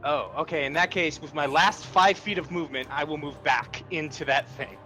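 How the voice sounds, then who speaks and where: A man's voice: fairly high pitch, moderate pace, bright, forceful tone, faint music behind, low-quality recording. A man playing a tabletop role-playing game, loosely describing what his character does, with many fillers. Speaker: player.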